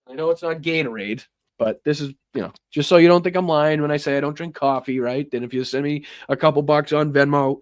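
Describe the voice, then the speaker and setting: A man's voice: mid-range voice, brisk, dry recording. A man with a Boston accent hosting a live stream, chatting casually, swearing now and then and thanking viewers by name.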